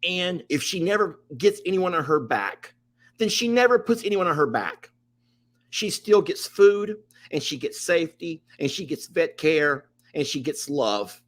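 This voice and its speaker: A man's voice: a little high, fairly bright tone. A middle-aged man who hosts his own ranch channel, talking straight to camera in an emotional, upset rant, repeating himself for emphasis. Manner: impassioned, repetitive, Southern-style plain talk.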